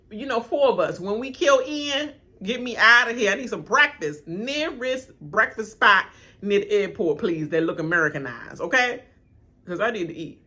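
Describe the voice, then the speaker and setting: A woman hosts a reaction vlog, talking straight to her viewers in a loose, slangy rant. Her bright, sharp voice leaps up and down with lively animation, and she often breaks into laughter between her points. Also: on the high side. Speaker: reaction channel host. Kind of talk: casual ranting reaction commentary.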